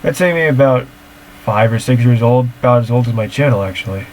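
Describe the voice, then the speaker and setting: A man who makes siren-hobby videos reacts casually to a clip and takes viewer questions from home via screen recording. His mid-range voice is a bit fast and mellow with lively intonation, and there's a little hiss or hum in the audio.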